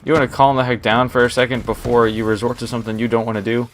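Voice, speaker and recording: A man's voice: medium pitch, little pitch movement, fast talker, a little hiss or hum. A young man telling a rambling work story while playing a shooter game, often breaking off to react to the match. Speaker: gaming storyteller. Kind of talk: story time over gameplay commentary.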